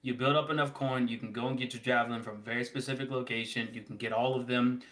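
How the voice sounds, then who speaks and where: Man, podcast co-host, bright voice, animated, laughing, rambling casual chat. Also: medium pitch, fast.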